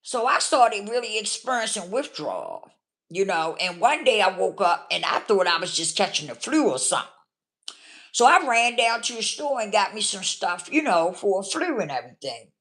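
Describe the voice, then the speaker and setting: A woman's voice: mid-range voice, very animated, normal speed, fairly bright tone. A woman telling her own story in a blunt, casual way, often checking in with the listener. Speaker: vlogger. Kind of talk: candid personal storytelling.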